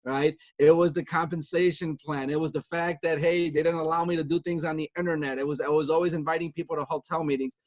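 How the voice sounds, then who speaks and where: Speaking from home with his pet dogs nearby, a man in his fifties gives a motivational talk as a guest on a video call. His delivery is flat and fast with hardly any pauses, yet he sounds upbeat, chatty and high-spirited, rambling on and repeating himself. The recording is dry.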